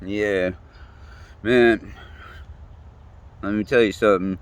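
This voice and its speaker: A man's voice: lowish voice, fairly even intonation, takes it slowly, clear, resonant tone. A man hosting his own show, talking in a casual, rambling rant full of swearing and fillers. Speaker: host.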